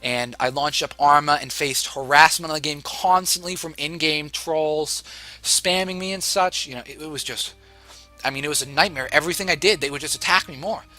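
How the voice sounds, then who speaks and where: A man's voice: fairly high pitch, fairly quick, sharp tone, soft background music. A young man telling a long story on a livestream, rambling and swearing a lot. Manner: rambling, profane, restless.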